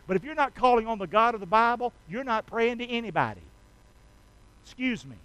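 A man's voice: sits high, a bit bright, no echo, rough recording. A man preaching a sermon, folksy and full of rhetorical questions to the congregation. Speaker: pastor.

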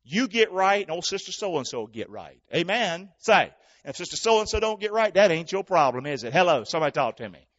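A male pastor preaching a sermon to his church, calling for responses and swinging between shouting and hushed talk. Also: high voice, very animated, a little fast, hardly any pauses, dull audio.

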